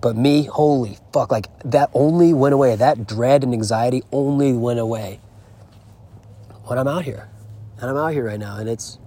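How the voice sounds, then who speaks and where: A man's voice: mid-range voice, moderate pace, mellow, a little hiss or hum. A man talking in a casual, rambling and profane vlog monologue, recorded outdoors on a horse farm. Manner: rambling, profane, candid storytelling. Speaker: travel vlogger.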